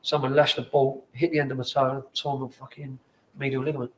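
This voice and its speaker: A London man in his forties spins rough, sweary anecdotes about his playing days. He talks in an animated way and acts out the people in his stories. His voice sits at an ordinary middle pitch for a man. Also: fast, a little hiss or hum. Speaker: guest, former footballer. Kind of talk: casual storytelling. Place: bar at a football ground.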